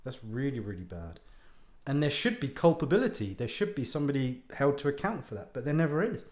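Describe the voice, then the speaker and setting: A man's voice: medium pitch, very animated, brisk, darkish tone. A man, hosting his own podcast, rambling and ranting in a self-mocking way and swearing freely. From United Kingdom. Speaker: podcast host and author. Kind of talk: casual ranting monologue. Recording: echoey room.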